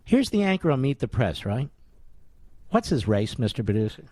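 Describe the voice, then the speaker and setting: A man's voice: medium pitch, very animated, normal speed, darkish tone, no room sound. A man in his sixties hosting a radio talk show, giving combative, sarcastic political commentary full of rhetorical questions. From United States. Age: 60s.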